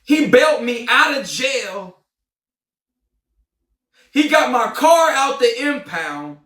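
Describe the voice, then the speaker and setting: A man in a heated, confrontational livestream rant, often shouting. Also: extremely high pitch, sing-song, slow pace, distant mic. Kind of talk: ranting livestream monologue. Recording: roomy, off-mic sound.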